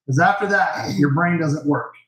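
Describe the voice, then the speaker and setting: A man's voice: on the high side, moderate pace, fairly bright tone, reverberant, rough recording. A man in his thirties hosting a live cooking show, joking and chatting in a kitchen. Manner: joking, chatty, wraps up with sign-off. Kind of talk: casual chat. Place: home kitchen.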